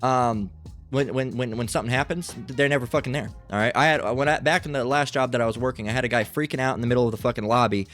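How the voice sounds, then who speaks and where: With faint music behind him, a commentary channel host living in Las Vegas reacts to a clip in an angry, profanity-laden rant, restarting often. His medium-pitched voice is quick and a bit bright, with fairly even intonation.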